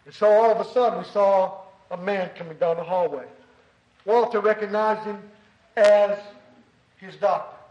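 A man preaching a sermon, telling a story earnestly and dropping to a soft, low voice for emphasis. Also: normal speed, pauses often, roomy sound, lo-fi sound.

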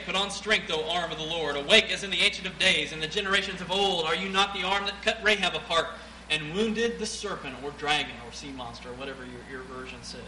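A man preaching a sermon, reading scripture aloud, swinging between loud emphatic passages and quieter asides. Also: sits high. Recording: echoey room with clear background noise.

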